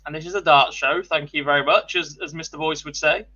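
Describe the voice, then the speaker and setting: Man, darts commentator, bright forceful voice, slightly high, dull lo-fi stream audio. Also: fairly even intonation. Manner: brisk results roundup with light banter. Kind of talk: live sports commentary.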